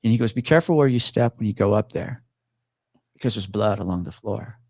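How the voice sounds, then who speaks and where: A man's voice: fairly low pitch, fairly quick, vocal fry, a little mellow, no echo, clean studio sound. A man telling a story in casual chat, swearing freely and acting out the people in it. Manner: swears freely, acts out quoted voices.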